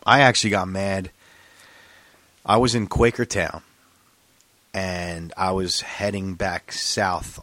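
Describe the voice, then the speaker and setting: A man's voice: sits low, fairly bright tone, no room sound. A man hosting a casual podcast, telling his own stories with lots of swearing and acting out both sides of each conversation. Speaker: podcast host. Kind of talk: casual profane storytelling chat.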